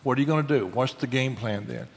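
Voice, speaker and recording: Talking quickly in a mid-range voice with vocal fry, a middle-aged man speaks earnestly and folksily about marriage as a guest on a casual Christian talk show. He often restarts his words, and long hall reverb fills the recording.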